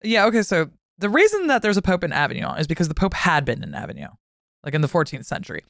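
A woman historian talking as a podcast guest in a casual, chatty way, swearing freely and acting out historical figures in quick asides. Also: lowish voice, very animated, vocal fry, a bit bright, dry recording, studio quality.

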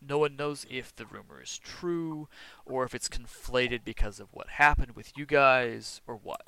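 Bright, crisp-voiced man running the game. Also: mid-range voice, unhurried, poor audio. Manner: relaxed, chatty, joking asides. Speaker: game master. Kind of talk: narrating a tabletop game.

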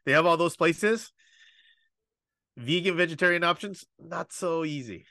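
A man's voice: fairly high pitch, a little slow, sharp tone, no room sound, clean studio sound. A man joining a casual chat with joking remarks that trail off.

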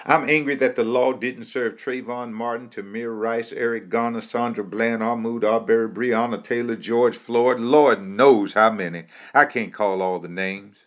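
A man's voice: medium pitch, steady tone, normal speed, hardly any pauses. An American man giving an impassioned, sermon-like speech. He builds it on a repeated refrain and rhetorical questions. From United States.

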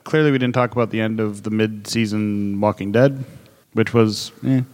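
A man's voice: lowish voice, steady tone, normal speed, a little mellow, long reverb tail. A man co-hosting a casual podcast chat, talking loosely and laughing easily. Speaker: podcast co-host.

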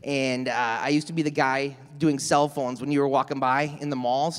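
Salesy guy telling his story, nice clean voice but roomy echo. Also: medium pitch. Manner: upbeat, salesman-like, quick storytelling. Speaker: real estate agent, interview guest. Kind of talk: casual interview talk.

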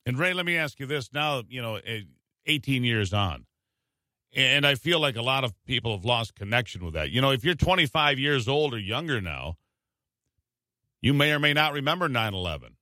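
A male interviewer with a bright, forward voice asks his questions in a measured, thoughtful way, with some fillers. The sound is dry and close. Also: medium pitch, very animated, dry recording. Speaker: interview host. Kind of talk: conversational interviewing.

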